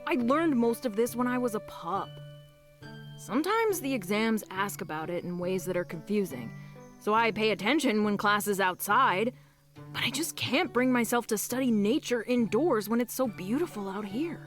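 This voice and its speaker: A woman's voice: on the high side, animated, normal speed, faint music behind, close to an everyday voice. A woman voicing a confident, restless wolfish young student in a game, breezy and self-assured. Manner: breezy and self-assured, sighing about being stuck.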